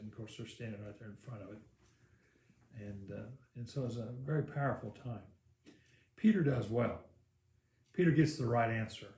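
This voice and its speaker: A man's voice: on the low side, fairly quick, darkish tone. A male pastor preaching a sermon, telling the story in a casual, rambling way with many fillers. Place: church. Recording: echoey church room.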